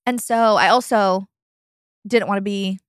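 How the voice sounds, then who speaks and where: A woman's voice: medium pitch, a little slow, no room sound, clean studio sound. A young adult woman hosting a podcast, telling a personal story in casual chat, chatty and full of fillers, laughing often.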